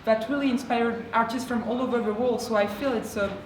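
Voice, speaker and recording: A woman's voice: a little high, steady tone, fairly quick. A woman filmmaker giving earnest interview answers at a busy event, with small restarts. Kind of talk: red-carpet interview answers. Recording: echoey and far from mic, noisy crowd ambience.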